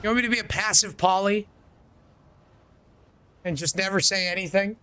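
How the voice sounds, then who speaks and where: A man's voice: high voice, normal speed, bright, forceful tone, smooth. A male streamer chatting casually while gaming, swearing freely and making mock outbursts at his chat.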